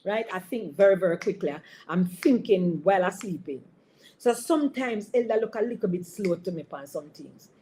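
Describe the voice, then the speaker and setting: A woman's voice: mid-range voice, lively intonation, normal speed, mellow, slight background noise. Woman preaching casually on marriage. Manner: conversational, teasing audience members by name, frequent tag questions. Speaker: bishop. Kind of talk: informal sermon on marriage. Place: online service broadcast.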